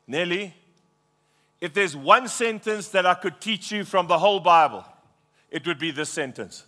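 A man's voice: high-pitched, bright, forceful tone. A middle-aged man preaching a passionate sermon as pastor, prompting the congregation to repeat lines.

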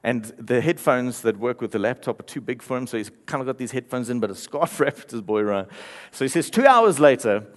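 A male pastor delivers a sermon. He tells a story with playful asides and chuckles between lines. His pitch sits in the ordinary middle range for a man. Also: animated, fairly quick, few pauses.

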